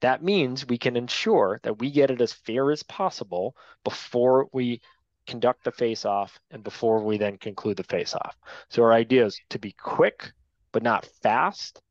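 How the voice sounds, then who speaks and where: A man leads a training class for new officials, talking in a straight, no-nonsense way and checking in with "right?" after his points. His voice sits at an ordinary middle pitch. The recording is dull and lo-fi, with a dry, close sound. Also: normal speed, dry recording. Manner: direct, to-the-point, frequent tag "right?".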